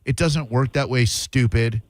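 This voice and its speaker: A man's voice: mid-range voice, unhurried, darkish tone, slight background noise, rough recording. A man hosting a call-in radio show, brash and condescending, trading insults with callers. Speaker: radio host.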